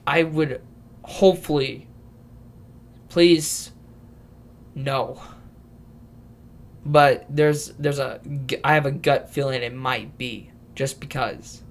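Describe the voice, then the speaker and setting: A man's voice: medium pitch, fairly even intonation, takes it slowly, long pauses. A young man in his late teens rambling through a casual podcast rant, swearing and restarting his sentences often. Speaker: vlogger.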